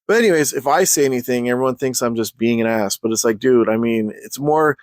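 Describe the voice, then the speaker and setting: A man telling a story in a casual rant for his vlog, heated and full of slang, clearly fed up. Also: medium pitch, brisk, dry recording. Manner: heated, slangy, exasperated ranting.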